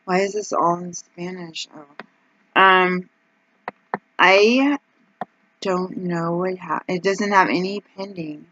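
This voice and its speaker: A woman's voice: fairly low pitch, slow pace, long pauses, a bit bright, a little hiss or hum. Anxious rambling woman vlogger, lo-fi sound. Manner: anxious, rambling, talks to herself, frequent ums and exclamations. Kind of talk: casual vlog, thinking aloud over budget.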